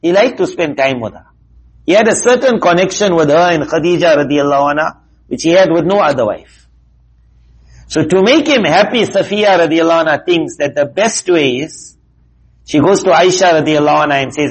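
A man teaches a religious lesson through stories, speaking slowly and with care. His voice sits a little high and has a husky edge. He slips into the voices of the people he quotes, giving their lines some life. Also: poor audio. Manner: slow, deliberate, acts out quoted speech in a lively way. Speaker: Islamic teacher. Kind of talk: religious talk with storytelling.

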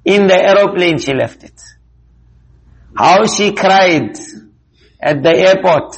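A man teaches a religious lesson through stories, speaking slowly and with care. His voice sits a little high and has a husky edge. He slips into the voices of the people he quotes, giving their lines some life. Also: low-quality recording. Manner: slow, deliberate, acts out quoted speech in a lively way. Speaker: Islamic teacher. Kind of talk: religious talk with storytelling.

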